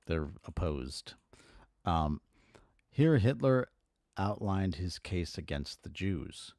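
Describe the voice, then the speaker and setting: Low-voiced man, exasperated and profane. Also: animated, darkish tone, no room sound, studio quality. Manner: exasperated, profane asides between halting read-aloud passages. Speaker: streamer reading and commenting on a historical text. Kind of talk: casual reading with commentary.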